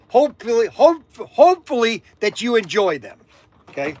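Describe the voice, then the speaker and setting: A man's voice: high voice, very animated, normal speed, fairly bright tone. An older man hosting a toy shop video, chatting casually with rambling jokes and restarts. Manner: rambling, joking, self-interrupting. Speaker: host of a toy shop channel. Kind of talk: casual chat on camera.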